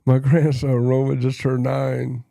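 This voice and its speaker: Gravelly older man telling his story. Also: medium pitch, little pitch movement, a little slow, warm tone, dry recording, studio quality. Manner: earnest storytelling, acts out quoted voices. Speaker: guest.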